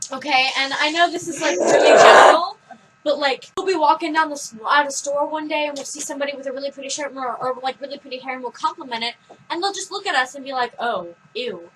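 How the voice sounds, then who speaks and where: A woman's voice: sits high, a little fast, background noise. A teenage girl chatting casually on a vlog, telling rambling stories in a blunt way. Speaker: vlog co-host. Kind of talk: casual chat.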